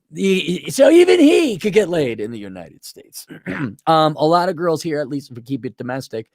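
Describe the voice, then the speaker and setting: A man hosting an opinionated commentary monologue, rambling and animated, often slipping into mocking impressions. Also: fairly high pitch, no room sound, clean studio sound. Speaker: host.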